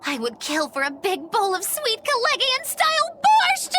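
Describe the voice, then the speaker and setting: A woman's voice: on the high side, big pitch swings, a little fast, heavy background noise. An actress voicing a mischievous young woman mage in a video game, speaking in a playful, teasing, theatrical way. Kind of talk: game voice acting.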